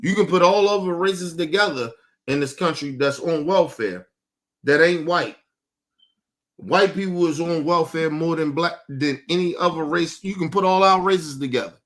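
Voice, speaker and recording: A man's voice: a little high, moderate pace, a bit bright. A man hosting a live stream, ranting bluntly and profanely in casual commentary. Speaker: streamer host.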